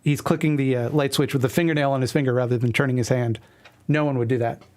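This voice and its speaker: A man's voice: medium pitch, steady tone, fast talker, darkish tone. A man streaming, reading his old webcomic aloud with wry, self-deprecating commentary. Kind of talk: casual commentary reading a comic.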